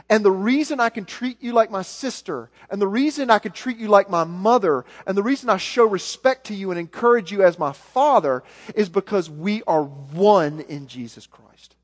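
A Southern American man preaches a sermon with earnest conviction, often repeating words as he builds toward a point. His voice sits high for a man. It rings out with the long reverb of a large church hall. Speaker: pastor.

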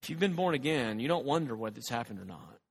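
A man's voice: medium pitch, very animated, fast talker, breathy edge, in a large hall. A man preaching a conversational sermon as a pastor, with fillers and restarts and rising intensity on quoted scripture.

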